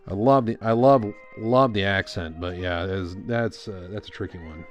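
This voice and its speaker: A man streaming a live drawing session, talking through his work in a relaxed, rambling way with lots of fillers. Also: low-pitched, normal speed, soft background music. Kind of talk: casual commentary while drawing.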